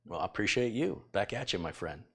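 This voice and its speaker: A man's voice: lowish voice, expressive, a little fast, gravelly, husky. A middle-aged man chatting casually on a live tech stream, rambling and self-deprecating as he thanks viewers. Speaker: tech YouTuber reading donations.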